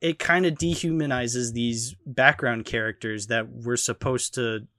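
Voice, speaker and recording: A man hosting a casual movie podcast, giving animated, critical opinions with lots of fillers. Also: mid-range voice, unhurried, dry recording, clean studio sound. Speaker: podcast host. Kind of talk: casual movie review chat.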